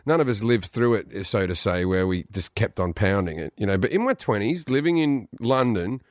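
A man's voice: fairly low pitch, animated, normal speed, dry recording, clean studio sound. A middle-aged man with an Australian accent, chatting candidly as a comedian guest in an interview, blunt and joking. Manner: blunt, joking storyteller with frequent swearing.

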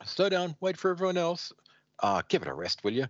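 A man doing a brash, high-voiced fire hero. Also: big pitch swings, fairly quick, no room sound, muffled recording. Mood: urgent. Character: brash young male fire-powered hero.

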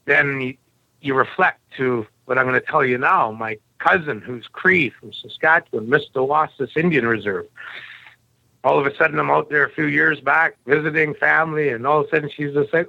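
A man from Canada, a podcast guest, telling stories bluntly with a rough edge. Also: fairly high pitch, normal speed, bright, forceful tone, no room sound, lo-fi sound. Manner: blunt, rough-edged storyteller. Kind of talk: casual storytelling interview.

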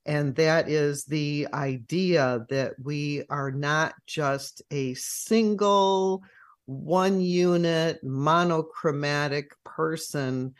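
Co-host talking slow and careful, easy interview chat. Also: medium pitch. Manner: measured, deliberate. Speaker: radio co-host.

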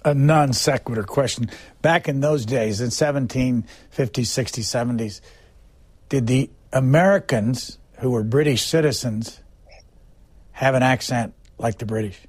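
A man's voice: medium pitch, measured pace, no room sound. A man hosting an interview, asking plain, conversational questions. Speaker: interviewer, host.

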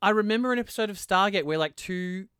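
A man's voice: high-pitched, fast, sharp tone, clear, resonant tone, dry recording, studio quality. A man co-hosting a podcast in casual chat, thinking aloud and rambling with lots of fillers. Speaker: podcast co-host.

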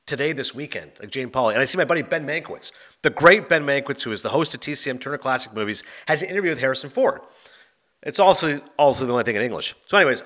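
Fast, bright-voiced male podcast host. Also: medium pitch. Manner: energetic, quick, anecdotal. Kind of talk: casual movie podcast chat.

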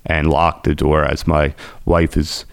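Man, podcast guest, emotional storytelling, very low voice, gravelly. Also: level tone, unhurried, no room sound. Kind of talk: personal recovery story.

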